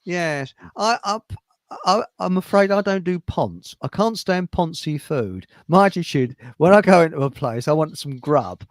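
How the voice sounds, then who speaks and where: A middle-aged man, hosting a casual livestream chat, blunt and grumbling with quick asides. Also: fairly high pitch, lively intonation, no room sound. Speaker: host.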